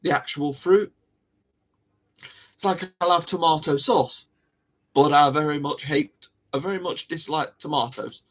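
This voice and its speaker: Chatty man, rambling, slightly high. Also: a little slow, pauses often. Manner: rambling, chatty, laughs often, repeats himself. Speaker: livestream host. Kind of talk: casual chat to live viewers.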